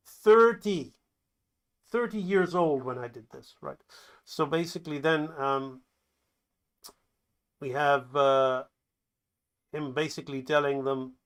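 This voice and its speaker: A smooth, mid-range male voice belongs to an animation instructor calling out the action of his own animatic. He chats loosely, with fillers and restarts, and his excited commentary acts out the scenes.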